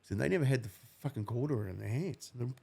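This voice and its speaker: Guest, 40s man from New Zealand, gravelly, blunt profane storyteller. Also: mid-range voice, lively intonation, rapid-fire, dark tone. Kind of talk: emotional personal account.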